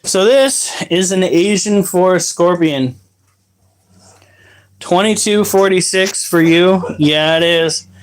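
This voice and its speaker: A man's voice: a little high, smooth. A young man chatting casually on a live stream, rambling and explaining how to care for his exotic pets.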